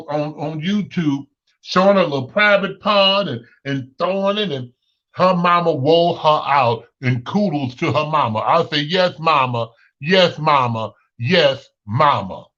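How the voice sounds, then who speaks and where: A man with a Chicago accent talks straight to his listeners in a casual monologue, hammering points home by saying them again and again. His voice is bright and sits a touch high. The recording is muffled and lo-fi. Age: 30s. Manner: preachy, repeats himself for emphasis. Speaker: host.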